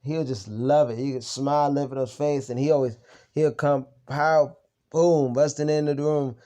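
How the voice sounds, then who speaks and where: A man's voice: medium pitch, fairly even intonation, normal speed, dark tone. A young man venting in an unscripted vlog, telling a heated story full of blunt slang and swearing. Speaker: vlogger on recovery from narcissistic abuse. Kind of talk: unscripted personal venting to camera.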